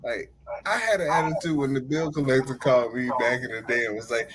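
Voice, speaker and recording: A man's voice: mid-range voice, brisk, crowd noise, low-quality recording. A man in his forties, hosting a podcast and telling stories in casual chat, laughing often and acting out the people he talks to. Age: 40s. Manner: animated storytelling, laughs often, acts out callers. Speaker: podcast host.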